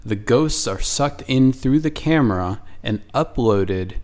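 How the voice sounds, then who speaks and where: A man's voice: mid-range voice, takes it slowly. A man co-hosting a casual movie commentary podcast, cracking dry jokes and laying out his points step by step. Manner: dry, deadpan jokes, lays out points methodically.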